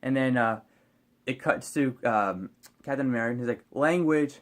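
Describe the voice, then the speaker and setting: A man's voice: mid-range voice, a little fast, fairly bright tone. A man casually reviewing a movie on his vlog, rambling and hesitant, with many fillers and restarts.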